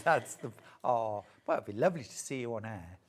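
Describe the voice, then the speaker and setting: A woman's voice: extremely low pitch, animated, brisk, breathy edge. A middle-aged British woman presenting a live TV shopping show about sewing, chatting and gushing over fabrics.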